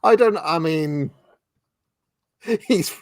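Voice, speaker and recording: A man's voice: a little high, no room sound, clean studio sound. Wry, chuckling man hosting a call. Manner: wry, chuckling, halting restarts. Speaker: host. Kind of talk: casual chat commenting on videos. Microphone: video call.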